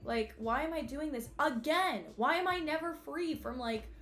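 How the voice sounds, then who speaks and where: A woman's voice: sits high, a bit bright. Exasperated young woman venting on stream. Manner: exasperated, rambling, heavy use of "like" and swearing. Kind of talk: casual live-stream venting. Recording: faint music behind.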